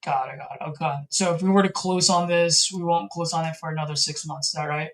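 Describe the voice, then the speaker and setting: He talks fast, his pitch fairly high and his intonation fairly even. As host of a live call session, this California real estate investor works the phone with a seller in loose, amiable small talk.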